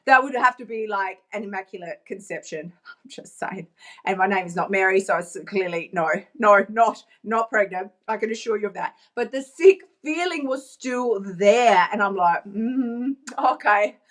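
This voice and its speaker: A woman's voice: mid-range voice, normal speed, a bit bright. A woman coach giving a bubbly, playful and emphatic motivational vlog, talking into her phone.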